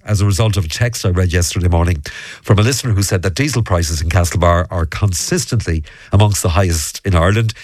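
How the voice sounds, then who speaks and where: A man's voice: deep voice, no echo. Chatty male radio host, dry studio. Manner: relaxed, chatty, reads listener texts. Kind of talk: local radio chat. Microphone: studio mic.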